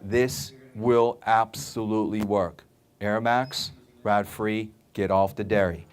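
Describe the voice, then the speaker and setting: A man's voice: lowish voice, fairly even intonation, slow. A man speaking to a live audience, selling supplements with a punchy, repetitive delivery. He keeps checking in with "okay?" and acts out customers' reactions as he tells his stories. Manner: emphatic, repeats points, keeps asking "okay?"; acts out customers' voices in anecdotes. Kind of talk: live sales talk to an audience.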